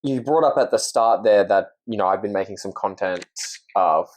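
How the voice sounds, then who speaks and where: A man's voice: on the low side, fairly quick. Reflective young Australian man. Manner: earnest, reflective, agreeable. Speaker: podcast guest. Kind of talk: casual chat.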